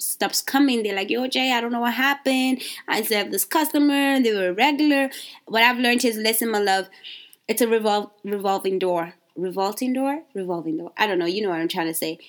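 A woman business coach talking casually and candidly to entrepreneurs, animated, with frequent fillers and self-corrections. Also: mid-range voice. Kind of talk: casual motivational podcast talk.

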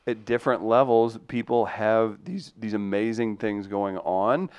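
A man hosting a casual podcast conversation, easygoing and quick to affirm his guest. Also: fairly low pitch, fairly even intonation, a little mellow, clear, resonant tone.

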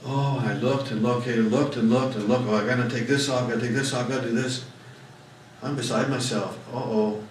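A man's voice: mid-range voice, fairly even intonation, a little fast, far from the mic, a little hiss or hum. A man preaching a sermon as pastor, telling personal stories in a folksy, emphatic way. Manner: folksy storytelling, emphatic rises on key words. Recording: echoey room mic'd from afar.

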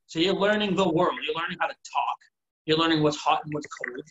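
A man's voice: on the high side, a little fast, a bit bright, slight background noise. A man in casual chat, talking earnestly and at length, full of "like" and acted-out quotes. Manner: rambling, earnest, fillers of "like", acts out quoted dialogue. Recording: roomy, dull sound.

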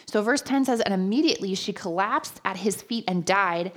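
Woman, preacher, sermon, animated storytelling, acts out quotes, mid pitch. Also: moderate pace.

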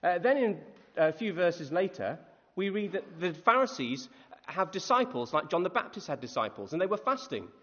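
A male preacher gives a chatty, animated sermon and keeps asking his listeners questions. His voice sits a little high, with a slightly husky edge and lively rises and falls. The sound is dull and lo-fi, with a long echo from a church hall. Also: moderate pace, few pauses. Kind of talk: conversational sermon.

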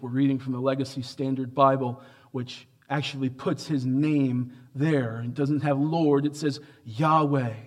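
A man preaching a sermon, asking rhetorical questions and swinging between hushed, slow lines and loud, emphatic peaks. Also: mid-range voice. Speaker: pastor.

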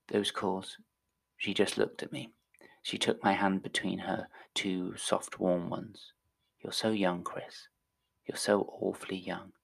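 A man narrating a science-fiction story aloud, with a soft, intimate delivery that drops to a whisper at times. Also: deep voice, vocal fry, breathy edge.

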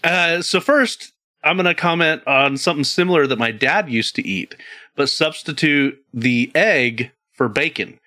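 Male co-host, high voice, bright, unhurried and lively, laughs a lot. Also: no echo, studio quality. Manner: laughs often, hesitant fillers. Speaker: podcast co-host. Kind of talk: casual chat.

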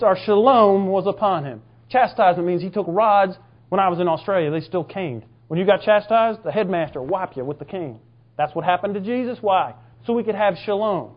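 A man preaching a fervent, emphatic sermon, now and then bursting into shouts. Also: high voice, muffled recording. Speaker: pastor.

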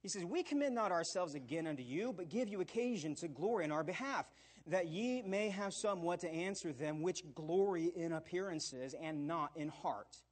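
A man in middle age preaches a sermon in a high voice with a husky, breathy edge. He talks animatedly, acting out quotes and tossing in "all right?" to keep the room with him. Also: expressive, normal speed. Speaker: pastor.

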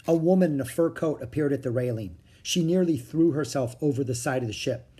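Husky voice, children's book narration, steady storytelling, mid pitch. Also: a little fast. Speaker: audiobook reader.

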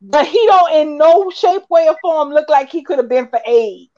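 A woman with a very high voice rambles hesitantly in a casual chat, restarting her thoughts as she goes. Her sound is dull and lo-fi. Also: animated, moderate pace, dark tone.

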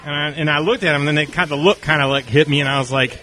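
Talking very fast with few pauses, a man with a higher voice tells long, casual stories as an interview guest. He's from North Carolina and animatedly performs the quoted dialogue of the people involved.

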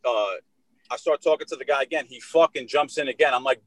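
A young man talks fast and loose on a podcast, packing every sentence with swearing and fillers. His voice sits at a middle pitch and sounds close and dry. He loudly acts out the shouted lines of the people in his story. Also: no echo, low-quality recording. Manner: profane, rambling, with heavy fillers; acts out shouted quotes in a raised voice. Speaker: podcast co-host. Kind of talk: casual storytelling chat.

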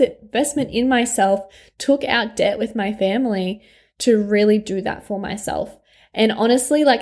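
A woman's voice: mid-range voice, darkish tone. A young woman, a life coach talking candidly and frankly in a personal vlog, swearing freely and laughing often.

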